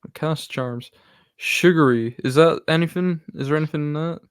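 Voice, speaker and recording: Male podcast co-host, tentative guesser, relaxed chat, dry close-miked sound. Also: a little high, normal speed, smooth, no room sound. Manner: hesitant guesser, thinks aloud with ums and short replies. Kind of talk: casual chat.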